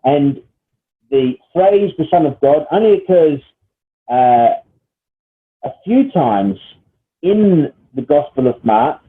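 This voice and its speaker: A man's voice: on the high side, lively intonation, takes it slowly, long pauses. A man teaching a Bible study lesson, explaining step by step and often checking in with "all right?" and "okay?". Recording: tinny phone-like sound.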